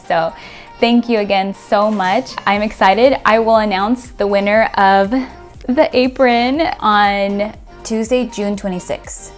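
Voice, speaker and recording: A woman's voice: mid-range voice, normal speed, faint music behind. A woman hosting a home cooking vlog, talking to viewers in an effusive, chatty way with plenty of "like" and "you know", gushing with gratitude. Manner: gushing and grateful toward viewers. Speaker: cooking channel host. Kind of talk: casual cooking vlog sign-off.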